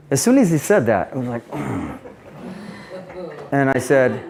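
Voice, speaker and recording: A man's voice: mid-range voice, very animated, takes it slowly, creaky, long pauses, darkish tone. Man preaching with casual storytelling. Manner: conversational, storytelling with quoted dialogue and asides. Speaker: pastor. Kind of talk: sermon with personal stories.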